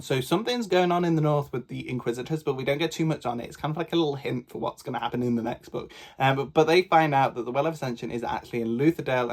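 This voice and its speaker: A man talking casually as a book reviewer, excitable and gushing, rambling along with lots of fillers. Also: mid-range voice.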